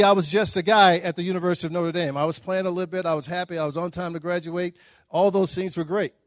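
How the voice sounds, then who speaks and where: A man, giving a folksy, animated storytelling speech at a breakfast event. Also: sits high, no echo, clean studio sound. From Dallas, Texas. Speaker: guest speaker.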